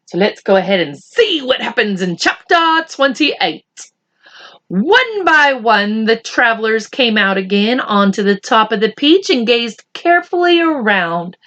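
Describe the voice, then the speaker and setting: A woman reading a chapter book aloud for children in a gentle, teacherly way, talking to the boys and girls. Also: on the high side, big pitch swings, measured pace. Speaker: children's story reader. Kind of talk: read-aloud for kids.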